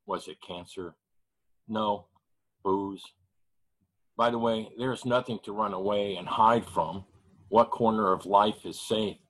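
A man reads spoken-word poetry over a video call, unhurried and measured. His delivery is heavy with grief, each phrase given room to land. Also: on the low side, fairly bright tone, rough recording. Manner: measured, heavy pauses, grieving. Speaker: poet reading at an open mic.

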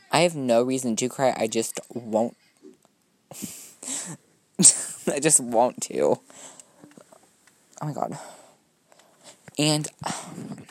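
A young man, a student, hosting a rambling solo podcast. He talks in a gushing valley-girl drawl full of "like" and "oh my god", swears casually, mocks himself and keeps jumping between topics. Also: medium pitch. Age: young adult student. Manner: scattered, self-mocking, jumps between topics. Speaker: podcast host.

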